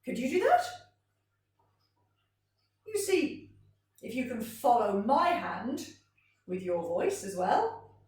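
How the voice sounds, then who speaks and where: A woman music teacher guides children through vocal games in an encouraging, sing-song way. Her voice is mellow and swoops up and down as she talks, taking an unhurried pace. She sits back from the microphone in a strongly echoing room. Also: a little high, big pitch swings, recorded from a distance. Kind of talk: children's vocal warm-up lesson. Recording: roomy sound from off-mic.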